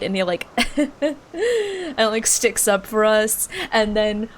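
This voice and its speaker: A woman's voice: fairly high pitch, sing-song, slow pace, slight background noise, poor audio. A young woman streaming a game, chatting casually, giggly and rambling, sleepy and yawning. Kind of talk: casual gaming commentary.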